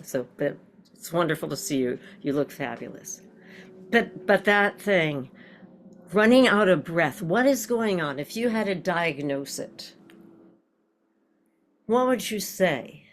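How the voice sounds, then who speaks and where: A woman teaching an online group class over a video call, reflective and putting questions to the group. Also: low-pitched.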